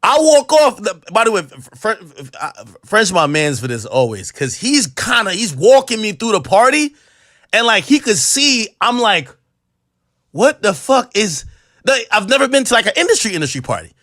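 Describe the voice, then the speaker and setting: Man, high lively voice, bright and tense, dry sound, casual profane storytelling. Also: moderate pace, no echo. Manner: animated, profane, acts out quotes.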